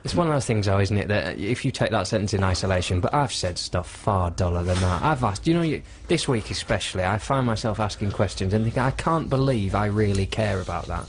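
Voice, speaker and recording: A man's voice: on the low side, expressive, fairly quick, hardly any pauses, slight background noise. A man co-hosting a radio show, chatting casually with dry, self-deprecating humour. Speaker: radio co-host.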